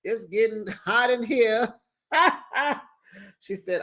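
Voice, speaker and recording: A man hosting a casual recap show, sassy and animated, often laughing and acting out what people said. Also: very high-pitched, extremely slow.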